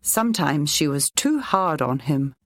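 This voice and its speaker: A woman narrating a children's storybook in a clear, even reading voice. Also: sits low, unhurried, no room sound, studio quality.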